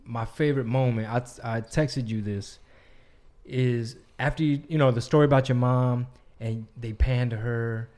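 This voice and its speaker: A man hosting a casual podcast chat, relaxed and swearing, with quick backchannel replies. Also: mid-range voice.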